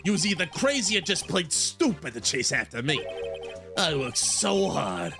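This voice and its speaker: A narrator putting on a gruff bullying gangster boss. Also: mid-range voice, big pitch swings, moderate pace, over music. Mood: menacing. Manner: gruff, threatening, says "yous". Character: menacing gangster boss, loud bullying man. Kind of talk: game playthrough voice acting.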